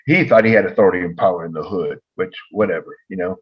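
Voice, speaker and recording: Speaking fast in a low, slightly rough voice, a former probation officer and podcast co-host shares a story in casual conversation, animatedly performing each line of dialogue. The highs in the recording are cut off.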